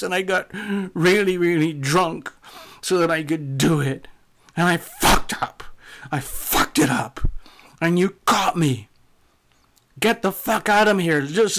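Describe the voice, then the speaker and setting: A man's voice: sits high, gravelly, a bit bright, voice pushed up, full character voice. A man voicing a drunk, despairing man trapped in a wrecked car, cursing, slurring and tearful.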